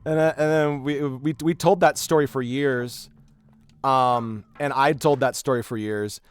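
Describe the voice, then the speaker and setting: A man's voice: medium pitch, a little slow, clean tone. A man hosting a game stream, telling a story in casual chat with many restarts and fillers. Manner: rambling, animated storyteller with frequent restarts. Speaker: streamer host.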